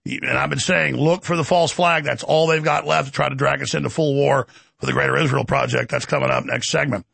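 Male talk radio host: gravelly, husky, ranting, sharp bright tone, dry close sound. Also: mid-range voice, steady tone, brisk, no echo. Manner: forceful, combative, ranting. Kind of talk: heated talk radio monologue.

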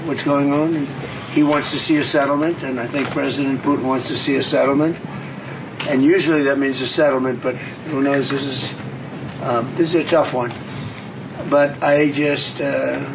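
A man's voice: mid-range voice, far from the mic, background noise. A man giving off-the-cuff press remarks in a rambling, repetitive way. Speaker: politician at a press event.

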